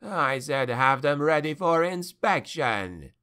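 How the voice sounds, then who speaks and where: A man's voice: on the high side, big pitch swings, takes it slowly, pushed and bright, smooth, voice pushed up, exaggerated voice. A man doing a sneering spoiled young general. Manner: sneering, imperious.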